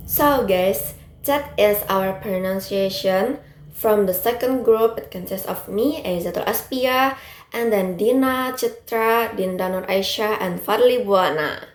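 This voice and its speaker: A young woman student giving a class presentation, speaking halting non-native English with informal classroom address. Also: medium pitch. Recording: roomy echo with faint background hiss.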